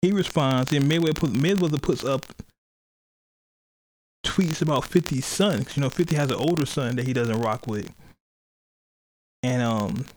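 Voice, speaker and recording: A man's voice: medium pitch, normal speed, pauses often, a little mellow, poor audio. A man hosting a podcast in casual chat, rambling and cursing, often laughing as he retells things. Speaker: podcast host.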